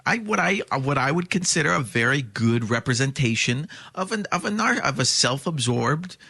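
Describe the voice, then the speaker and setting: Sharp-voiced sarcastic man on a podcast. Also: medium pitch, sing-song, moderate pace, vocal fry, husky, no echo, clean studio sound. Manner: blunt, sarcastic, rambling. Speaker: podcast co-host. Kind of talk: casual film discussion.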